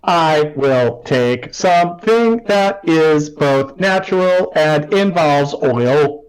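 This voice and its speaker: Stiff robot-like construct, slow and formal, a man putting it on for a tabletop game. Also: on the high side, animated, clear, resonant tone, low-quality recording.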